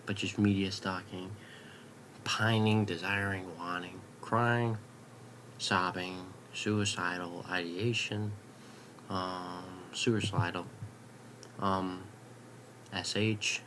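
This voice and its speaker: A young man vlogging in a late-night ramble at home, swearing casually and drifting into soft half-whispers. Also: low-pitched, steady tone, takes it slowly, long pauses, a little hiss or hum.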